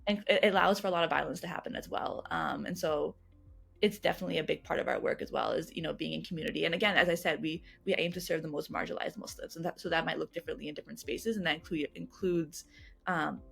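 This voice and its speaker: A woman guest answering interview questions in an earnest, fast way, restarting and repeating words often. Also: low voice, creaky, fairly bright tone, slightly rough. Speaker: guest, youth engagement coordinator at a health nonprofit.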